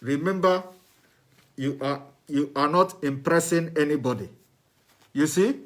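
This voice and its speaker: A man with a fairly high voice speaks at a measured pace, giving viewers of a live broadcast a repetitive, instructive demonstration. His delivery is plain spoken and goes over the same steps again and again.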